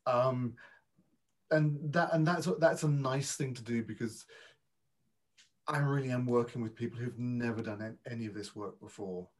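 A man's voice: mid-range voice, moderate pace. A man who works as a dialect coach, answering an interview question in a reflective way and searching for his words.

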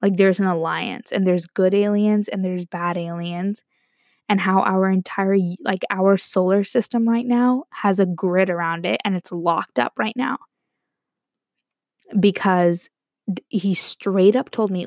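A young woman casually telling a rambling story to her viewers, animated and quick to laugh. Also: medium pitch, no room sound, clean studio sound. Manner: animated, rambling, breaks into quoted voices and laughs.

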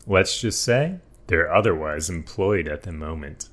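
Lazy male cartoon cat, deep and understated, a man reading the part. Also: lively intonation, unhurried, a bit bright, exaggerated voice. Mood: dry.

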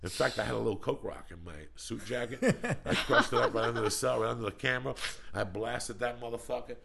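A man's voice: mid-range voice, fast talker, vocal fry, fairly bright tone, slightly rough. A man hosting a podcast, telling stories in a blunt, profane, casual way. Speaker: podcast host. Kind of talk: casual chat.

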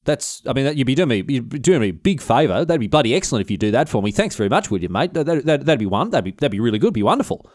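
A man's voice: mid-range voice, big pitch swings, rapid-fire, hardly any pauses, darkish tone, dry recording, clean studio sound, natural voice. A man voicing a cheeky, scheming noblewoman defending her castle, with a cocky, teasing, slangy manner. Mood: mocking, cheeky.

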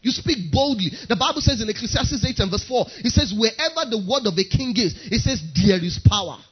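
A man's voice: high-pitched, animated, fairly quick, slightly rough, dull audio. A man preaching a sermon, emphatic and driving his points home by repeating key phrases.

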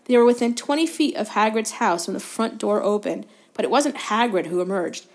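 A woman's voice: mid-range voice, brisk. Woman reading a storybook aloud. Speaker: guest reader. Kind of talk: reading a children's novel aloud.

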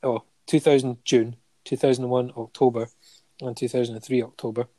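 Mellow-voiced man reading a stats list. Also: mid-range voice, little pitch movement, fairly quick, dry recording. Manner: listing facts steadily with many ums and chuckles. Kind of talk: casual chat, reading out a football player's honours.

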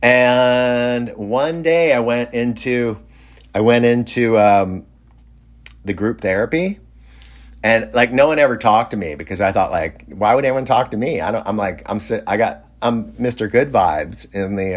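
A man's voice: mid-range voice, a little slow. A middle-aged man telling a personal story in a casual, rambling way, often restarting his sentences and sounding amused. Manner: rambling, self-interrupting, amused. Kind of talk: casual anecdote.

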